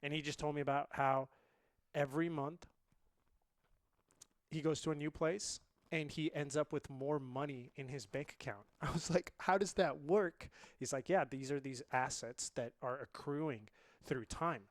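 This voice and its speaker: A man in his late twenties, originally from India, telling a story as a podcast guest in a lively, laughing way. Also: fairly high pitch, moderate pace, no echo. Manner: animated, laughs often. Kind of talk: casual storytelling.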